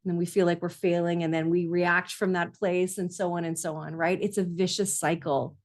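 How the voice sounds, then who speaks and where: A woman's voice: fairly low pitch, level tone, normal speed. A woman parenting coach talking straight to parents, earnest and confiding, often repeating a phrase for emphasis. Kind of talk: heartfelt solo talk to parents.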